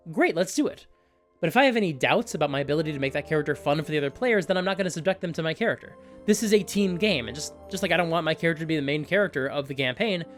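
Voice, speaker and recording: A man hosting a tabletop gaming video, talking through his thinking in an animated, self-questioning way. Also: on the high side. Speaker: YouTube host.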